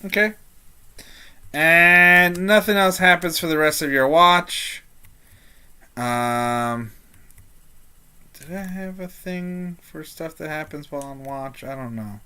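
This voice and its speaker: A tabletop game master narrating a session at an unhurried, slow pace. The speech is halting and loose, full of fillers and pauses while deciding what happens next. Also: mid-range voice, sharp tone, clean tone.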